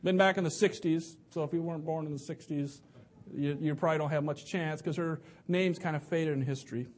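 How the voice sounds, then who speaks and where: Higher-voiced man preaching conversationally. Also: fairly even intonation, fairly quick. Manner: conversational, restarts and repeats words. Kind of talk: evening sermon to a congregation.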